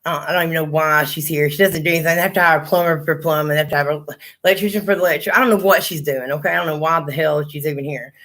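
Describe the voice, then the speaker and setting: A woman's voice: sits low, steady tone, rapid-fire, fairly bright tone. A middle-aged woman, chatting on a livestream and telling blunt, profane stories. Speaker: livestream host. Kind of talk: casual chat.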